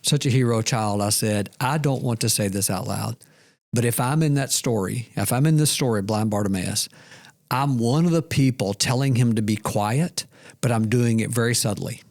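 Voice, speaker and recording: A man's voice: medium pitch, normal speed, gravelly, darkish tone. Reflective male podcast co-host. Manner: reflective, self-deprecating storyteller. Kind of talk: casual faith discussion.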